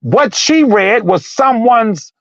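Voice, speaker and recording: A man's voice: very high voice, animated, slow pace, fairly bright tone, no echo, muffled recording. A man calling into a live talk stream, arguing his point with heat, repeating himself and raising his voice. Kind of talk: heated casual debate.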